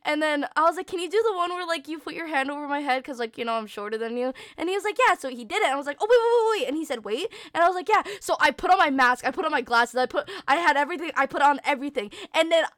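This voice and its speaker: A young woman hosting a casual podcast chat, an excitable, giggly storyteller. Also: high-pitched, very fast, hardly any pauses, no room sound, studio quality. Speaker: podcast host.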